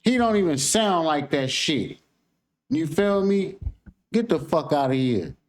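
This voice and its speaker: A man from San Francisco hosts a reaction show in loose, casual talk. His voice sits high for a man. He sounds heated and incredulous, swearing freely as he questions what he sees. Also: sing-song, unhurried.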